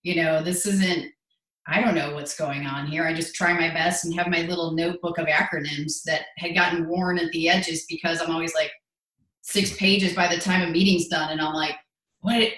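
A woman's voice: sits low, steady tone, moderate pace, a bit bright, echoey room, rough recording. A woman in her forties speaking as an interview guest, earnest and self-deprecating as she recalls her path. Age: 40s. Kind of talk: conversational interview.

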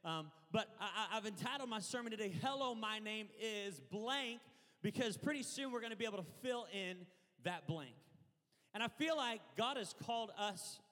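Male preacher, high pitch, loud call-and-response sermon, long hall reverb. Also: animated, moderate pace. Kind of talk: energetic sermon. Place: church auditorium.

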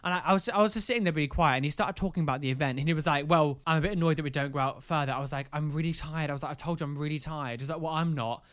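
A man's voice: fairly high pitch, racing, hardly any pauses, fairly bright tone, clear, resonant tone. A man in a casual podcast chat, animatedly telling a personal story, quoting himself over and over and swearing freely. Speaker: podcast co-host.

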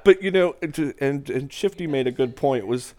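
A man's voice: medium pitch, lively intonation, moderate pace, a little mellow. A man hosting a casual podcast chat, laughing often as he retells movie scenes. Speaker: podcast host.

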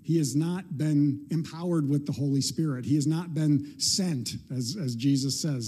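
Male pastor, informal sermon delivery, husky and slightly high voice, playful asides. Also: normal speed, warm tone. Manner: conversational, playful, acts out quotes.

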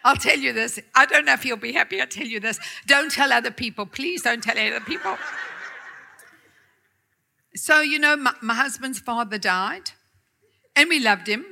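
A middle-aged woman preacher tells a personal story to her church in a high, very bright voice. She chats warmly, laughs often and mocks herself in asides. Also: moderate pace, creaky, long pauses, a little hiss or hum. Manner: chatty and laughing, self-mocking asides. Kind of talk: storytelling sermon.

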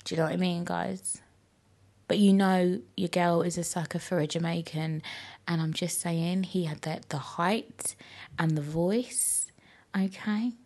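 A young woman telling stories casually on a podcast, animated and full of "like" and swearing. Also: unhurried. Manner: chatty, animated, frequent "like" and swearing; acts out quoted people in high squeaky voices. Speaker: podcast host. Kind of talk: casual storytelling chat.

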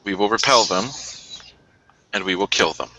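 Male player in character, formal and resolute, very bright tone, dry sound. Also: deep voice, steady tone, normal speed, slight background noise, poor audio. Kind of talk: in-character tabletop role-play.

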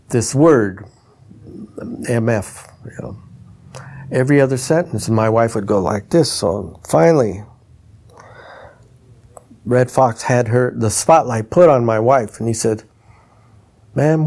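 A retired trumpeter and instrument designer, now an older man, spins anecdotal stories at an unhurried pace, leaving long pauses. His voice sits at a medium pitch, and he brings the quoted dialogue to life by mimicking each character's voice with animated energy.

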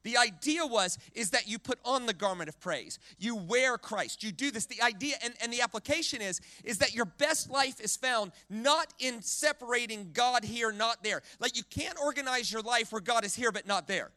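A man preaching a sermon with a very high, bright voice and a dry, close sound. He is animated, has the crowd repeat words back to him, and often stumbles and restarts mid-phrase. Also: normal speed, few pauses, no room sound. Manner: animated, leads the crowd in call-and-response repetition. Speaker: guest preacher.

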